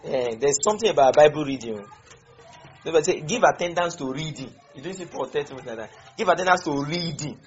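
Animated man teaching scripture. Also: a little high, fast. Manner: animated, repeats and stresses words, calls on people. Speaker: Bible study teacher. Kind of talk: Bible study teaching. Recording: muffled lo-fi recording.

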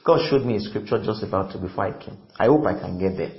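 A Nigerian man preaching a sermon, calling out questions to the congregation and sometimes shouting. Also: on the low side, quick pace. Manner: animated, call-and-response, sudden shouts. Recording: roomy, dull lo-fi sound.

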